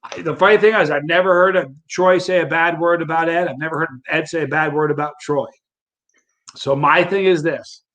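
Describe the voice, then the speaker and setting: Male guest, relaxed and conversational, somewhat high voice. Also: a little fast. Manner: relaxed, conversational, restarts sentences. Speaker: interview guest, hot-sauce eater. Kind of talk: casual interview.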